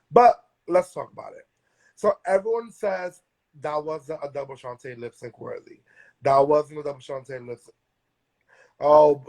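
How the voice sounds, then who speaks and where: A young man chatting casually on a phone live stream and telling a story in animated, slangy talk. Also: medium pitch. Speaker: drag performer hosting a live stream.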